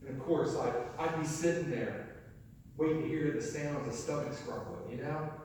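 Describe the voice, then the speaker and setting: Male pastor, folksy sermon, high voice, distant mic in a reverberant church hall. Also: moderate pace, darkish tone, slight background noise. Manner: folksy storytelling, acting out voices. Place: church sanctuary.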